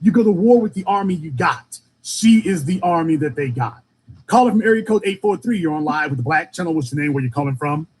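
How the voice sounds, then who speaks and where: A man's voice: on the high side, lively intonation, brisk, a little mellow, breathy edge. A man hosting a political call-in show, talking in a fiery, emphatic way and hammering his points home with repetition.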